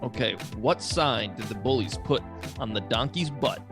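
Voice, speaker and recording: A man's voice: mid-range voice, moderate pace, music in the background. A man co-hosting a podcast, chatting in a laid-back, rambling way with jokes. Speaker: podcast co-host. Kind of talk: casual chat.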